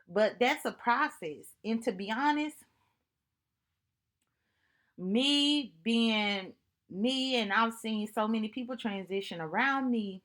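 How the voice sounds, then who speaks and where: A woman with a somewhat high voice talks slowly and deliberately to her camera. She reflects earnestly on personal experiences, lingering on phrases and circling back to repeat a point. Her tone stays thoughtful and sincere throughout. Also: fairly bright tone. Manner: earnest, thoughtful, unhurried storytelling with repetitions. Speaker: vlogger.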